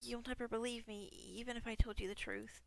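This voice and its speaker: A woman voicing a chained woman who is secretly a demon, pleading in a low, hushed way. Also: steady tone, a little fast, creaky, no room sound.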